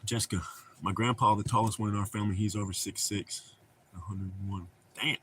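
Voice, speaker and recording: A man's voice: on the low side, fairly even intonation, a little fast, background noise. A middle-aged man with a Southern American accent, chatting casually and telling rambling, profane stories on a stream. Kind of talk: casual chat.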